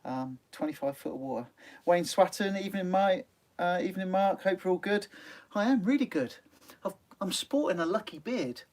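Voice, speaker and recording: A man hosting a live fishing stream, chatting casually and reading out viewer comments, laughing often and filling pauses with "um". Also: sits high, lively intonation, a little mellow. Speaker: sea angling channel host. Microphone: phone.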